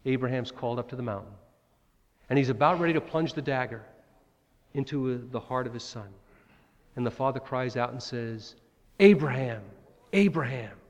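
A man's voice: medium pitch, darkish tone. A man preaching a sermon, dramatically acting out the cries of Bible figures. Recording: long hall reverb.

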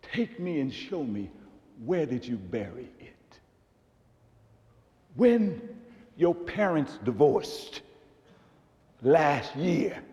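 Dramatic preacher swinging from shout to whisper. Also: male voice, fairly high pitch, muffled recording. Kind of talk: sermon. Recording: long hall reverb.

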